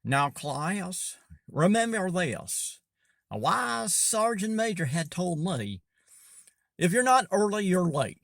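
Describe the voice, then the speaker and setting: A man's voice: high voice, big pitch swings, creaky, a bit bright, dry recording, clean studio sound, pitched above the performer's own voice, heavily acted. A man doing a mocking corporal with a fake Southern drawl. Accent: put-on Southern drawl. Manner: slow, drawn-out mimicry.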